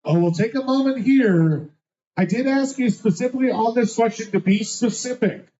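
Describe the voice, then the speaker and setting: A man's voice: very high-pitched, normal speed, warm tone. A man hosting a live trivia night, reading out answers with a teasing, sarcastic manner. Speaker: trivia host. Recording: dull lo-fi sound.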